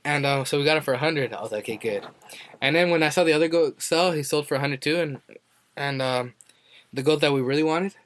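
A man's voice: fast talker, dry recording. A young man co-hosting a podcast, chatting casually and rambling through a story while acting out what people said. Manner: rambling storyteller who acts out quotes with sudden high jumps. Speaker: podcast co-host. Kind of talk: casual chat.

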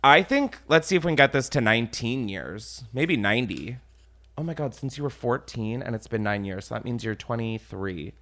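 Excitable rambling young man, lively pitch. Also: moderate pace. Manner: rambling, excitable, swears often. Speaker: podcast host. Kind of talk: casual chat.

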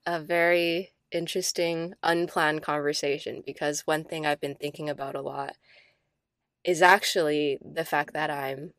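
A woman's voice: low voice, fairly even intonation, moderate pace, a bit bright, no room sound, studio quality. A woman in her thirties, co-hosting a podcast, telling a personal story in casual, chatty talk full of "like". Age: 30s. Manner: chatty, storytelling, filler-heavy with frequent "like". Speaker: podcast co-host.

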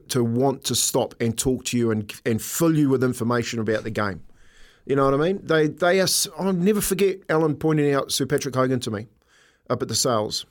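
An older man co-hosting a breakfast radio show. He rambles through a story with lots of "you know" and asides. His voice sits at an ordinary middle pitch. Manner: animated storytelling, many fillers and asides. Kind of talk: casual radio chat.

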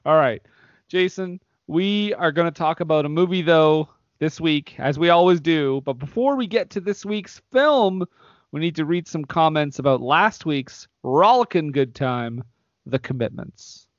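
A playful, jokey man co-hosting a comedy podcast, his voice sitting a bit high. The sound is dry and close, with no room around it. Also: animated, measured pace, no echo, lo-fi sound. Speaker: podcast co-host. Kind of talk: casual comedic chat.

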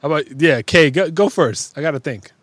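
A man in his thirties on a podcast, joking around in casual chat and speaking deliberately. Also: on the high side, lively intonation, fairly bright tone, no room sound. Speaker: podcast co-host, father.

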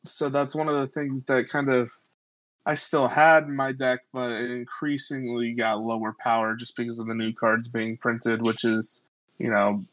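A man speaking as a podcast guest in casual chat, unhurried and hesitant with many fillers. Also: medium pitch, level tone, fairly bright tone, no room sound, rough recording.

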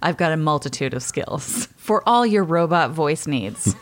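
A woman's voice: sits low, expressive, unhurried. A woman hosting a podcast, telling a story in a chatty way and laughing often. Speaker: podcast host. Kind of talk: casual storytelling chat.

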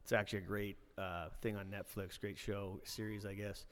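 A man's voice: lowish voice, flat delivery, moderate pace, big-room sound. A man hosting a casual podcast chat, rambling and swearing freely.

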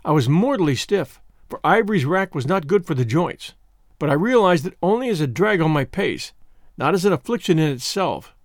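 A male audiobook narrator with a high, very lively voice, telling a first-person adventure in a measured way. The recording is dry and close, with no room sound. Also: dry recording. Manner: measured storytelling with acted dialogue.

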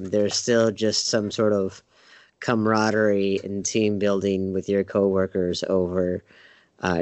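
A man co-hosting a casual podcast chat, thinking out loud in long looping sentences with fillers. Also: lowish voice, dry recording. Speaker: podcast co-host. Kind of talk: casual chat over beer.

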